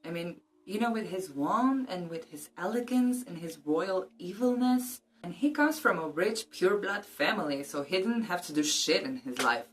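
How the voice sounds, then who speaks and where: A woman's voice: on the low side, expressive, normal speed, hardly any pauses, a little hiss or hum. A woman vlogger casually discussing a book and reading passages aloud, with joking, cheeky asides.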